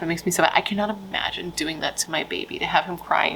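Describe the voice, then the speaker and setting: A woman's voice: low voice, steady tone, fast talker, gravelly, hardly any pauses, fairly bright tone, slight background noise, poor audio. A woman telling a true crime story in a casual, frank, chatty way, swearing freely and using lots of fillers.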